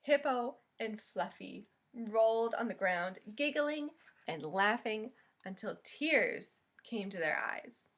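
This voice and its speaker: Children's librarian reading aloud, slow pace, higher pitched, expressive woman. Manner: slow, expressive, friendly storytime voice.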